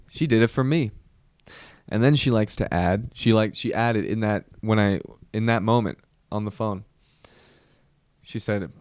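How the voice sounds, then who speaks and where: A young man hosting a podcast, telling a comedic story with animated, exasperated outbursts. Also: on the low side, takes it slowly, long pauses, no echo. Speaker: podcast host.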